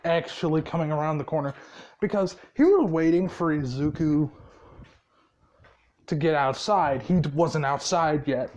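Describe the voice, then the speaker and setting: A man's voice: fairly high pitch, a little mellow. A tired man casually retelling a fan story, rambling with many fillers and a lot of swearing.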